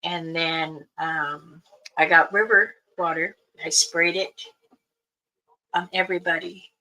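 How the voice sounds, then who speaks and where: Woman elder telling a story real slow, lots of pauses and restarts, raspy fry in the voice. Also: lowish voice, steady tone, bright, forceful tone, rough recording. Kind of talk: casual spoken storytelling.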